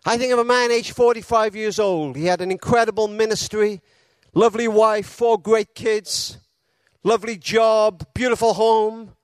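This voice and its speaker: A man preaching a sermon, telling a story with dramatic pauses and retelling quotes with feeling. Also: high voice, steady tone, clear, resonant tone, dry recording.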